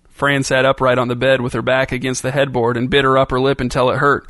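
A man narrating a novel in a steady, even storytelling voice. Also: mid-range voice, fast, few pauses, dry recording. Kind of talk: audiobook narration.

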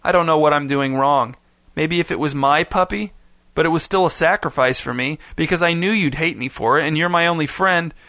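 A man voicing a brooding, sullen young boy in a storybook reading, in a flat, subdued tone close to his own. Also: a little high, fairly quick, no room sound. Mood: confessing.

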